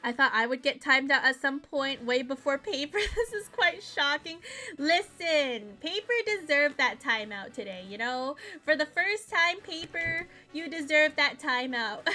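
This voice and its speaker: A young woman streaming a playthrough of a detective game, excitable, laughing and breaking into loud outbursts. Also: sits high, a little slow, faint music behind. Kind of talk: live game playthrough commentary.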